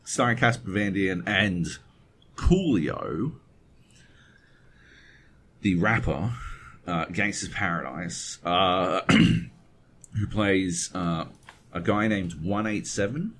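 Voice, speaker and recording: Deep-voiced man, rambling profanely. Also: lively intonation, takes it slowly, long pauses, a bit bright. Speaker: podcast co-host. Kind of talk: casual chat. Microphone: webcam setup at home desk.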